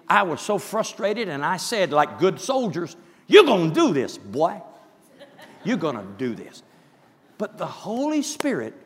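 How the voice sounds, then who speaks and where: A man preaching a sermon, swinging from soft, quiet asides up to loud shouted passages. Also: on the high side, in a large hall. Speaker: pastor.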